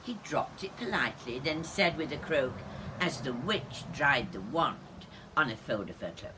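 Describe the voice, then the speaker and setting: A woman teacher reading a picture book aloud, animated, pointing out the pictures as she goes. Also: a bass voice, moderate pace, noisy background.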